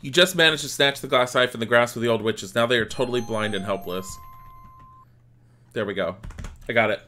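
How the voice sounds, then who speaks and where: Bright-voiced man streaming a game. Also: medium pitch, brisk, slight background noise. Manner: reads on-screen game text aloud between typed commands. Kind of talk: live game playthrough.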